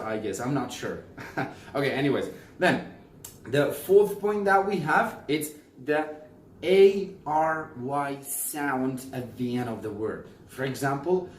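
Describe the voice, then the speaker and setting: A man's voice: mid-range voice, expressive, slight background noise. Man teaching pronunciation in a roomy echo. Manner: explains slowly with examples, repeats words. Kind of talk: casual video lesson. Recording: roomy echo, mic at a distance.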